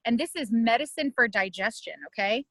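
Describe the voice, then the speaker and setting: Bright-voiced woman telling a plant story. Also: a little high, fairly quick, no echo, poor audio. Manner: conversational, many fillers, warm storytelling pace. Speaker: ethnobotanist leading a virtual plant walk. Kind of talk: casual teaching and storytelling.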